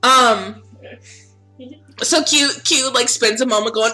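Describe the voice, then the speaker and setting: A woman narrating a tabletop game as game master, animated and casual, swearing freely. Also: on the high side, measured pace, over music.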